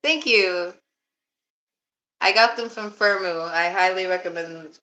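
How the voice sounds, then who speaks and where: Young woman streaming live, from alabama, kinda low voice, laughs a lot and swears. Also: unhurried, bright, forceful tone, low-quality recording. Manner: chatty, laughs often, swears casually. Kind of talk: casual live-stream chat.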